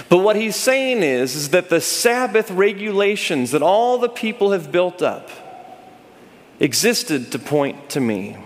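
A man preaching a sermon as pastor, animated, rising loud and high for emphasis and dropping low and slow, calling on the congregation to answer. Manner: asks the congregation to call out answers. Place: church sanctuary. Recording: long hall reverb.

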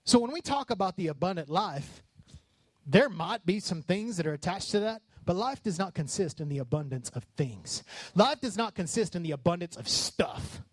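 A man preaching a sermon as pastor, passionate and rising to shouts on key lines. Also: high voice, lively intonation, normal speed, no echo.

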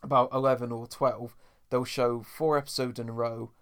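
A man hosts a podcast in casual chat. His voice sits at an ordinary middle pitch. He talks in a loose, chatty way and calls his listeners folks. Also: flat delivery, moderate pace. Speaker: podcast host.

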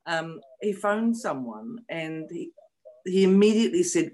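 A woman in her fifties tells her own story with raw frankness. She swears without apology and circles back on key phrases, hammering them home. Her voice sits low for a woman. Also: sing-song, a little slow, warm tone, poor audio. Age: 50s. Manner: frank and emotional, repeats phrases for emphasis; blunt, swears freely. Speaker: guest. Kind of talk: candid personal storytelling. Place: New Zealand.

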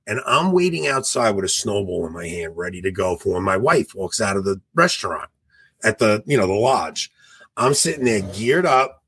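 A man in his forties co-hosting a podcast, telling stories in a lively, animated way and acting out what people said. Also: mid-range voice, slightly rough, no room sound. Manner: animated storyteller, acts out quoted voices. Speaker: podcast co-host. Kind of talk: casual chat.

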